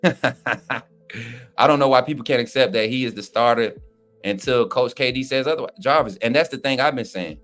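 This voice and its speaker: A man's voice: medium pitch, normal speed, fairly bright tone, soft background music. A man co-hosting a livestream, talking sports in a fired-up, slangy, trash-talking way while reading chat. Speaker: livestream co-host. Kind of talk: casual fired-up sports talk.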